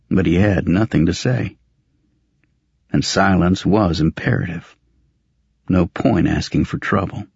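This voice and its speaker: A man reading fiction aloud as an audiobook narrator, in a steady, measured storytelling manner. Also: sits low, gravelly, slightly rough, dry recording, muffled recording.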